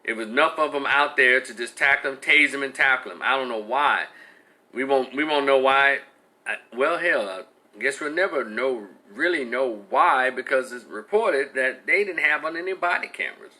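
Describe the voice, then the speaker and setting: A man's voice: medium pitch, moderate pace, pushed and bright. A man giving a heated, blunt and profane opinion rant, talking in an exasperated way. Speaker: commentator.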